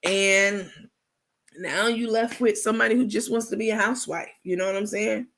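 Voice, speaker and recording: Gravelly, sassy woman hosting a late-night stream. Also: mid-range voice, steady tone, fairly bright tone. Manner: sassy, salty, quick to laugh; reads and answers viewer comments. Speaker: livestream host. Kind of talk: casual late-night livestream chat.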